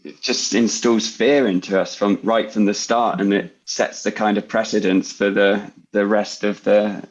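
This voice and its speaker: A man's voice: on the low side, steady tone, normal speed, breathy edge, highs cut off. A man on a webinar panel, speaking thoughtfully and hesitantly over a video call. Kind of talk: conversational panel discussion.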